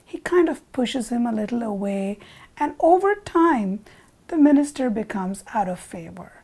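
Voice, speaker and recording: Woman storyteller, fable narration, expressive, lively pitch, slightly high. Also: moderate pace. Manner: expressive, shifting from loud to whispered.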